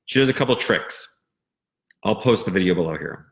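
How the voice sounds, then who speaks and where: A man teaching a singing lesson, explaining diction and stressing crisp consonants. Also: deep voice, animated, normal speed, fairly bright tone.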